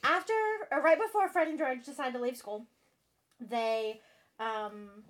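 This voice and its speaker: A woman co-hosting a casual book chat, halting as she searches for words and amused at herself. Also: fairly high pitch, animated. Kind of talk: casual chat about books.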